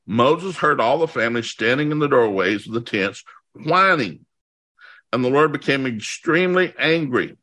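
A man's voice: mid-range voice, sharp tone. A man preaching a sermon, reading scripture aloud and animatedly voicing the people's complaints. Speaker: pastor.

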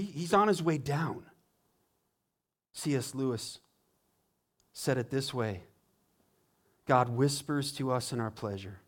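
A man who is a pastor preaching a sermon, swinging from hushed to emphatic and acting out quoted complaints in a whining voice. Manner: dramatic, acts out quoted complaints in a higher whining voice.

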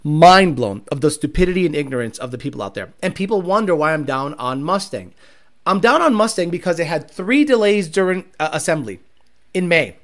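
A man's voice: high-pitched, a bit bright. A man who owns a car tuning shop, ranting bluntly and with profanity while hosting a live show. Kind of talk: casual ranting livestream.

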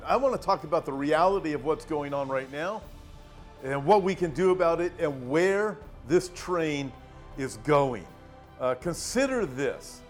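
Earnest preaching man, a bit high. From Southern California. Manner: earnest, emphatic, slows down and rises when reading scripture. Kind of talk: online prophecy sermon.

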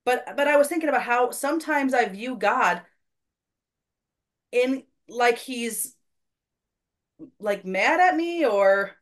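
A woman's voice: fairly high pitch, expressive, slow, pauses often. A woman hosting a faith podcast, telling a personal church story in casual conversation, earnest and self-deprecating.

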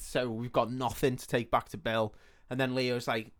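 A man's voice: mid-range voice, moderate pace. Sweary man retelling a story. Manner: sweary, laughing, animated storytelling. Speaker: podcast co-host. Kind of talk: casual comedic retelling.

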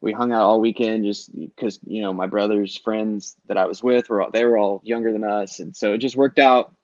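A man's voice: lowish voice, fairly even intonation, a little fast, dry recording, lo-fi sound. A middle-aged man telling long, rambling concert-trip stories in casual podcast chat, swearing freely and acting out what people said. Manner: rambling storyteller, swears freely, acts out quotes.

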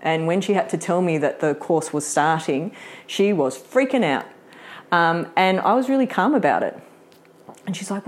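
A woman's voice: medium pitch, expressive, normal speed, a little mellow. A middle-aged woman presenting a live workshop, chatty, laughing often and acting out what people say.

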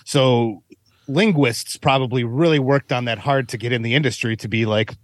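A man with a Wisconsin accent hosting a casual podcast, easygoing and quick to laugh. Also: mid-range voice, dry recording. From Midwestern United States. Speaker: podcast host.

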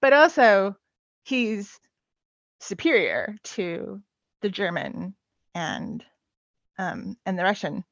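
A woman's voice: medium pitch, very animated, slow, pauses often, dry recording. A woman chatting casually as a podcast guest, hesitant and full of filler sounds. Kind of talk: casual chat. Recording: dull lo-fi dry sound.

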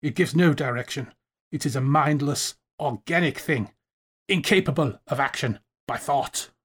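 A man's voice: medium pitch, moderate pace, a bit bright, husky. A man voicing a stern, dismissive male professor who lectures scornfully. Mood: scornful lecturing. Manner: scornful, talking down.

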